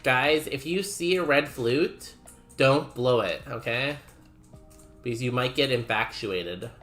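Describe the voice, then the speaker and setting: A man's voice: mid-range voice, slow pace, a bit bright, faint music behind. Chatty male streamer reading chat. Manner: chatty, rambling, reads chat aloud. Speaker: game streamer. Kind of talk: casual live-stream chat.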